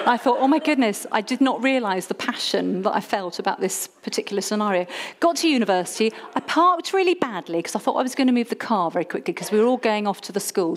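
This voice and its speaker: A woman telling a lively personal testimony story, self-mocking and acting out her own past pleas. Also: a little high.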